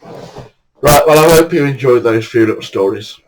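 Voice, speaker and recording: A man's voice: medium pitch, unhurried, poor audio. An older man telling true stories in a chatty way, often breaking into laughter. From England. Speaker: storyteller. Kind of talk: casual anecdote telling.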